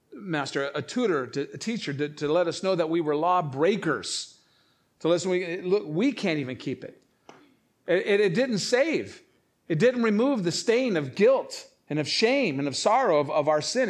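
Guy preaching a sermon, kinda high voice, gets emphatic, stumbles and repeats words. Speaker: pastor.

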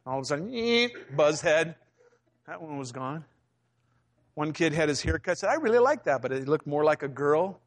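Wysoki męski głos pastora prowadzącego kazanie. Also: male voice, fairly high pitch, big pitch swings, normal speed. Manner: conversational storytelling preacher, acting out quotes. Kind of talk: sermon.

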